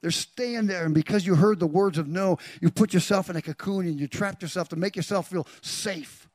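Dynamic preacher man, hushed to booming. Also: a little fast, few pauses, no echo. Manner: dynamic preaching, swings from hushed whispers to loud climaxes; direct address to congregation, calling out names. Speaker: pastor. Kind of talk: sermon.

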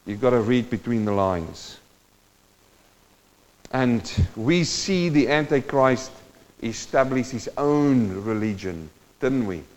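A male preacher giving a sermon, moving between quiet teaching and loud, impassioned exhortation and speaking straight to his listeners. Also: mid-range voice, animated, slow pace. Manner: addresses the congregation directly. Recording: dull sound with long hall reverb.

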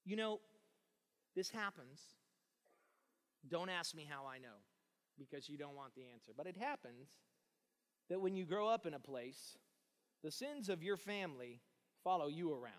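A man preaching a sermon as pastor, talking emphatically and building to loud shouts. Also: on the high side, animated, measured pace, pauses often. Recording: long reverb of a large hall.

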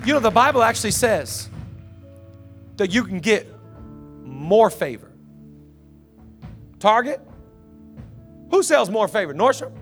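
High-voiced impassioned male pastor. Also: big pitch swings, unhurried, long pauses, fairly bright tone, soft background music, some chatter behind. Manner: impassioned, urging the congregation. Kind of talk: sermon.

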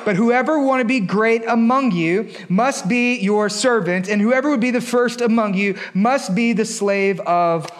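Preacher doing jesus like a coach calling a team huddle, laid back, highish voice. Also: male voice, measured pace, hardly any pauses. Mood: coaxing. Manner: relaxed, coaxing team-huddle talk. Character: Jesus gathering his disciples, calm man.

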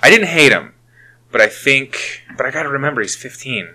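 A man in casual chat reviewing a film, animated and swearing freely. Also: mid-range voice, brisk, poor audio.

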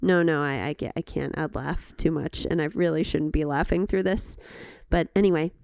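A woman's voice: low-pitched, moderate pace, vocal fry, a little mellow, clean tone, no echo, clean studio sound. A woman co-hosting a podcast in casual chat, rambling and restarting as she looks things up. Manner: chatty, rambling, full of fillers and restarts while looking things up. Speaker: podcast co-host.

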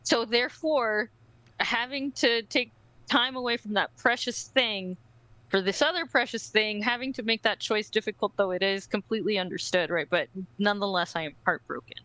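A young woman with a bright, forceful voice who tells her story with animated energy and keeps checking in with "right?". She swears casually. The sound is dry and close, with no room around it. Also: medium pitch, moderate pace, no room sound, poor audio. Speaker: podcast co-host. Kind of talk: casual podcast chat.

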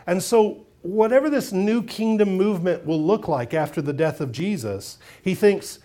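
Pastor guy preaching, high voice, really lively storytelling. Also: moderate pace. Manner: expressive storytelling, acts out quotes. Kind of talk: sermon.

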